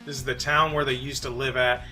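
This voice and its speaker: A man from New York hosting a casual gaming commentary, relaxed and chatty with frequent fillers. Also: medium pitch, fairly quick. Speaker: channel host.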